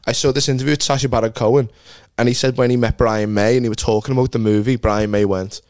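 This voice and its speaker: A comedian from Liverpool, England, with a Scouse accent tells sweary stories and quick anecdotes in casual podcast chat. His medium-pitched voice is clear, resonant and darkish, with fairly even intonation and no room sound.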